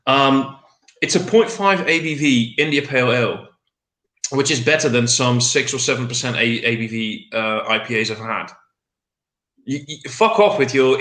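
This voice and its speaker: A man's voice: mid-range voice, reverberant. Sweary Dutch man with put-on Scottish accent. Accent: Scottish-sounding. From Netherlands. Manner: sweary, loud, joking. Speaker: stream guest. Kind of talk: casual chat.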